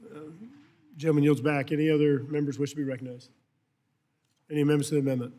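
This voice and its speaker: A man chairing a committee markup, brisk and procedural, with loose spontaneous asides. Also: fairly high pitch, level tone, mellow. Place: large hearing room.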